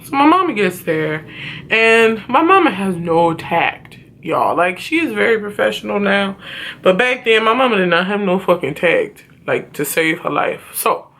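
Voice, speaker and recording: A woman vlogger telling a story from her childhood in a casual, profane, animated way. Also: medium pitch, moderate pace.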